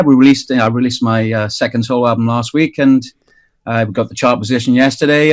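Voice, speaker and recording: Welsh man in his fifties chatting. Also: medium pitch. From Wales. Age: 50s. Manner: halting, many fillers and restarts. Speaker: guest musician. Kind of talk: radio interview chat. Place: outdoors by the sea.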